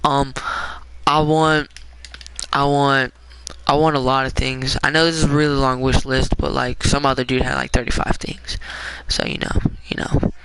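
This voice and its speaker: A young man with a raspy, smoker-like voice, giving rambling, offhand commentary while streaming a game. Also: medium pitch, flat delivery, normal speed, fairly bright tone, a little hiss or hum, poor audio. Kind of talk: casual gameplay commentary.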